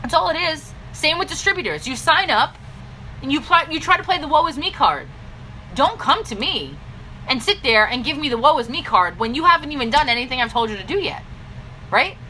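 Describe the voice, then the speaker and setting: Woman, business coach, bright tense voice, fairly high pitch, blunt scolding pep talk, faint background hiss. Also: big pitch swings, a little fast, poor audio. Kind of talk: direct-to-camera motivational vlog.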